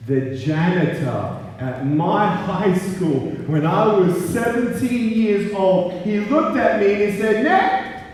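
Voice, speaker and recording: High-voiced man in an echoey gym. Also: takes it slowly, hardly any pauses. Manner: animated storytelling, acting out quoted people. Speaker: motivational speaker. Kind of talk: live motivational speech to students. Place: high school gymnasium. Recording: echoey gym, heard from far off.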